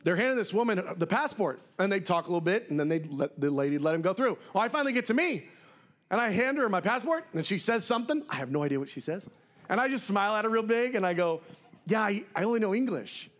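A man's voice: high-pitched, fast talker. A man preaching a sermon, telling a story and acting out the voices of people he quotes. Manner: animated, acts out quoted voices.

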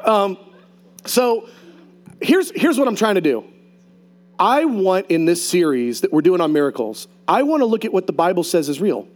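A man preaching a sermon to his congregation as pastor, telling personal stories in an animated way. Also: sits high, moderate pace. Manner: animated storyteller acting out voices.

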